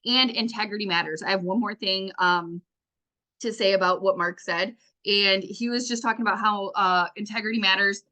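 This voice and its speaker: A woman's voice: mid-range voice, normal speed, pushed and bright. A woman team leader giving a chatty recap to her team, full of fillers, acting out what others said. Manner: chatty, lots of fillers, acts out quotes. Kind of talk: casual recap talk to team.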